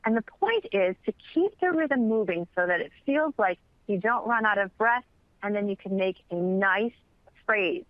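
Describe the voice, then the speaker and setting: A woman teaching chant in an instructional webinar, explaining patiently and clearly. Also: mid-range voice, animated, moderate pace, dry recording, lo-fi sound. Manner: clear, patient explaining, sings brief examples.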